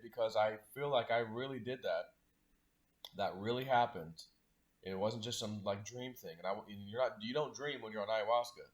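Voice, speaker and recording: A man with a somewhat low voice tells a personal story in a relaxed monologue. His talk rambles, with fillers like "like" and "you know" in nearly every breath. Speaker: spiritual vlogger.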